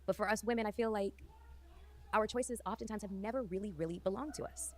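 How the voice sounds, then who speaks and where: A woman in her thirties telling her life story in a reflective, dreamy way. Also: mid-range voice. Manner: reflective, dreamy, drawn-out phrasing. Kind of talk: personal storytelling. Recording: faint music underneath.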